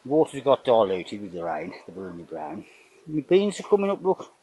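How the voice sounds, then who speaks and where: A man's voice: lowish voice, huge pitch swings, normal speed, dark tone, slightly rough, low-quality recording. An older man giving a rambling, casual commentary outdoors in his garden, swearing in nearly every sentence. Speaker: vlogger narrating home renovation.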